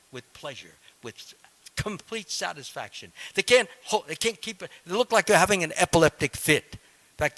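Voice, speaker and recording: A man with a fairly high, bright and forceful voice teaches a devotional scripture class. He talks in a conversational way, builds each point step by step, and now and then turns to quiz his listeners in the temple hall. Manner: conversational, explains step by step and quizzes the audience.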